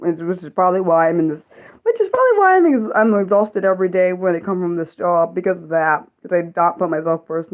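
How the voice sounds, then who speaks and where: A young woman chatting casually on a live stream, rambling and halting with many restarts and ums. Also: fairly low pitch, a little mellow, lo-fi sound.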